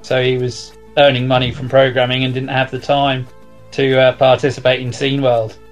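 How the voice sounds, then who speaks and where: A man recalling the past as a guest in an even, measured way. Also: mid-range voice, soft background music. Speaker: guest, magazine co-editor. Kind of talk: casual reminiscing.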